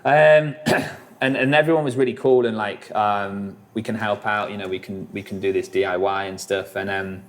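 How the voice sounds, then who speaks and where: A man's voice: on the low side, steady tone, normal speed. A man, a musician guest telling rambling stories in a casual interview, full of fillers and swearing.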